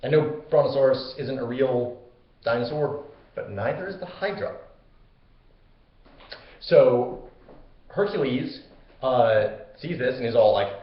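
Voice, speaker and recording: A man's voice: medium pitch, takes it slowly, pauses often. A man hosting a comedic storytelling show, retelling a myth in a rambling, casual way full of fillers and jokey asides. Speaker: host. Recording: roomy, slightly dull recording.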